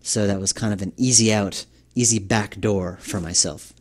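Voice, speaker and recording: A game developer from New York giving a rambling commentary, full of fillers and restarts. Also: male voice, fairly low pitch, fairly even intonation, normal speed.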